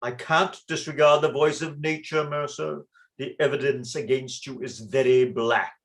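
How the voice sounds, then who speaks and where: A man's voice: mid-range voice, fairly even intonation, normal speed, lightly acted. A man reading a pompous, courteous middle-aged lord in a play reading. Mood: grave.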